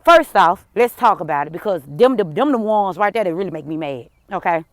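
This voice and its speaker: A woman telling a personal story to her viewers, blunt and cursing, swinging between heated outbursts and hushed apologies. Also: fairly low pitch, animated, a little fast, no echo. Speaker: vlogger. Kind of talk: emotional personal storytelling to camera.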